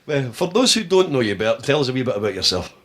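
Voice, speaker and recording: A man's voice: mid-range voice, sing-song, fast, a bit bright, husky. A man with a Scottish accent presenting a local radio show, laughing along in casual banter.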